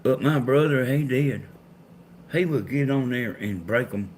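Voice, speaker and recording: A man's voice: mid-range voice, unhurried, darkish tone, slight background noise. A man from Georgia with a Southern accent, co-hosting a live chat and talking to viewers in a plainspoken, laid-back country way. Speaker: co-host of a live chat stream.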